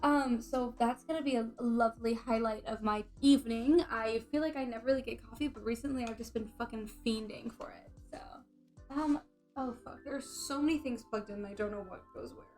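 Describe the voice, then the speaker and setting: A woman's voice: a little high, brisk, darkish tone, soft background music, natural voice. A woman streamer chatting with her viewers in a put-on English accent while getting ready. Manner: chatty, greets and thanks chat while doing her hair. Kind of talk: casual live-stream chat.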